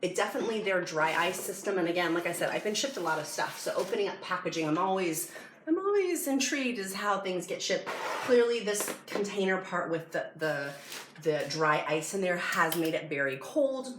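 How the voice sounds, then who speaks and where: A woman with a fairly low voice gushes excitedly through a casual unboxing at home. The room rings with echo, and a steady hiss of noise sits under her voice. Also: a little fast. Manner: gushing and excitable. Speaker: product review vlogger. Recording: echoey room with background noise.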